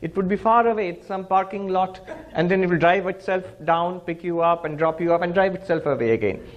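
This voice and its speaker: A man's voice: sits high, brisk, muffled recording. A man teaching Vedanta as a monk, telling a parable with acted-out dialogue. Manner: animated storyteller, acts out characters' lines, chants Sanskrit verse. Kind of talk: spiritual lecture with storytelling.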